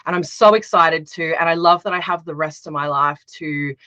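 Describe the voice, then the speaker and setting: A talkative woman guest with a low-leaning but strikingly bright, forceful voice. She chats with lots of "um"s and "like"s and laughs easily. The recording is dry and a bit dull. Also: steady tone, moderate pace, no room sound. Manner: warm-hearted, chatty, laughs often, uses fillers like "um" and "like". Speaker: guest, witch and tarot reader. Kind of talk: casual interview chat.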